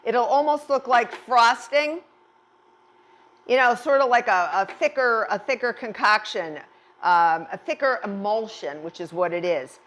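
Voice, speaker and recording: A woman's voice: on the high side, measured pace, a bit bright. A middle-aged woman chef giving a cooking demonstration, chatty and reassuring, often repeating words for emphasis.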